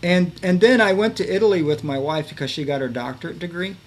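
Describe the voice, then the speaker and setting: Chatty man with a slightly high voice. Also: fast. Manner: rambling, many fillers and restarts. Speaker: podcast guest, veterans advocate. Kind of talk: casual conversational storytelling.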